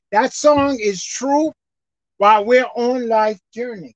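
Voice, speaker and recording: A woman preaching a sermon in a casual, folksy way, swinging between shouted highs and low murmurs. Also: slow, dry recording. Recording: dull lo-fi recording.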